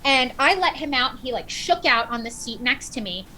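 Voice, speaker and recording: Bright-voiced woman telling a story. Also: fairly high pitch, a little fast, slight background noise, poor audio. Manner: animated storyteller, acts out quotes. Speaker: podcast guest. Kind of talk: casual storytelling.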